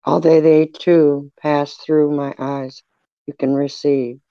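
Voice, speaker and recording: A reader voicing a sorrowful, tender Jesus in a devotional reading, with a measured, even delivery. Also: mid-range voice, lo-fi sound. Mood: gentle. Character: sorrowful man speaking as Jesus, tender and grieving.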